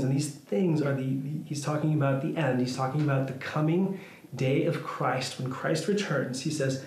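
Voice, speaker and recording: A man preaching a casual, conversational sermon, his voice sitting a little higher than most men's. He thinks aloud, circling back and restarting phrases as he goes. The room around him rings with noticeable echo. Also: steady tone, normal speed, darkish tone. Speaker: pastor.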